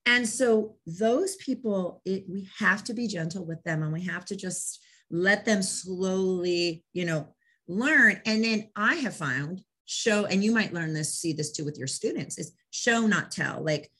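A woman's voice: mid-range voice, a little slow. A woman who trains dogs, hosting a casual interview and telling stories with enthusiasm. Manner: enthusiastic, animated storyteller. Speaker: dog trainer and interview host.

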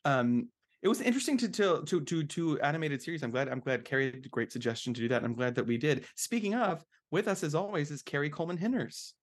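A man's voice: on the high side, quick pace. Joking male podcast host. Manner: jokey, rambling with many fillers. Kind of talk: casual chat.

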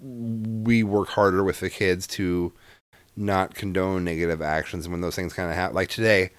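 A man's voice: sits low, fairly even intonation, moderate pace, smooth, no room sound. A man and father chatting casually as a podcast co-host, rambling through stories with lots of restarts and swearing. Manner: rambling storyteller, swears freely, restarts a lot. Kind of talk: casual chat.

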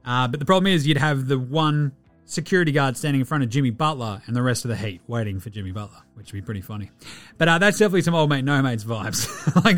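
An Australian man hosting a basketball podcast, talking in a brash, slangy way, swearing freely and laughing often. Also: medium pitch. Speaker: podcast host. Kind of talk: casual sports commentary.

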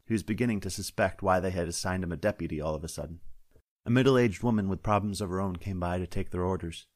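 A man, the author, reading his science-fiction story aloud in a steady, wry narrating manner. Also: low voice, quick pace, no room sound. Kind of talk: scripted audiobook narration. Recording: dry close-up studio sound.

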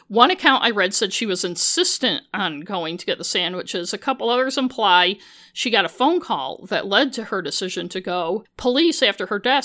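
A woman's voice: medium pitch, bright, forceful tone. A woman and former journalist hosting a true-crime podcast, narrating casually with sarcastic asides and frequent swearing. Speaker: podcast host.

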